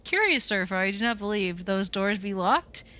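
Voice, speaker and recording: A woman's voice: mid-range voice, animated, moderate pace, sharp tone. Pompous archaic landlord, played by a woman. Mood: stiffly formal. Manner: pompous, old-fashioned phrasing. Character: stiff formal landlord speaking archaic English. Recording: dull lo-fi sound.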